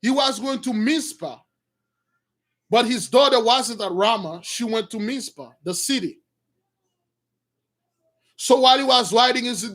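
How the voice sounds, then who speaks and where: A man's voice: very high-pitched, unhurried, pauses often, fairly bright tone. A man preaching, retelling a story to his listeners and addressing them as brothers. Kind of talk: sermon storytelling.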